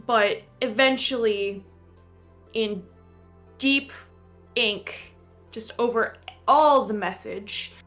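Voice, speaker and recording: A woman running a tabletop game as game master, narrating in a measured way. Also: medium pitch, fairly bright tone. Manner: slow, measured narration with frequent laughs.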